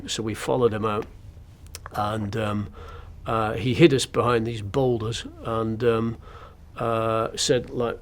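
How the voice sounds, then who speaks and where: A man's voice: fairly low pitch, flat delivery, normal speed. A man, a journalist, recounting his captivity in an interview in an understated, wry and hesitant way. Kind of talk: first-person interview account.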